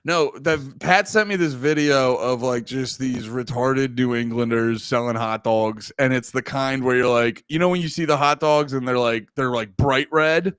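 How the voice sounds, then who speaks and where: A man's voice: medium pitch, moderate pace, few pauses, a bit bright, clean tone, no room sound, clean studio sound. A young man co-hosting a casual comedy podcast from home, talking crudely and jumping into silly put-on voices. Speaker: podcast co-host.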